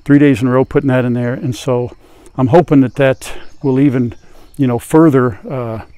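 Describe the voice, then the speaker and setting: An older man, a farm vlogger, chatting casually and soothing his hens at the coop, often dropping to a hushed voice. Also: mid-range voice, fairly even intonation, normal speed, no echo. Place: outdoors at a chicken coop. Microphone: lapel mic. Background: hens clucking, rooster.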